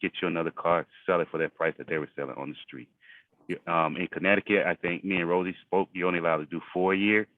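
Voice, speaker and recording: A man's voice: low voice, steady tone, quick pace, no echo. A man leading a group video call, giving motivational money advice and repeating phrases for emphasis. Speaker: group leader. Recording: tinny phone-like call audio.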